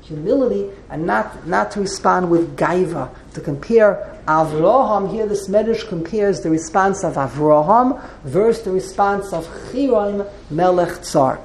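Woman giving a class, kinda low voice, repeats herself a lot, room echo. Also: unhurried, hardly any pauses, a little mellow, slight background noise. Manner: repeats and restarts words while explaining. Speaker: teacher of a text class. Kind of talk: classroom lecture with questions. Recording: roomy echo.

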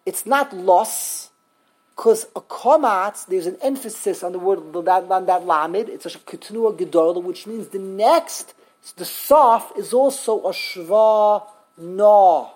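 In a mid-range voice with a darkish tone, a woman explains grammar to a text study class. She restarts often and sounds out words slowly, one syllable at a time.

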